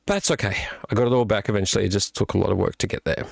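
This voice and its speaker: A man hosting a casual late-night vlog from a small room at home, his voice strained and croaky from illness, rambling and self-deprecating with many fillers. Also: fairly low pitch, fairly even intonation, very fast, dry recording. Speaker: vlog host. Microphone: attached desktop microphone.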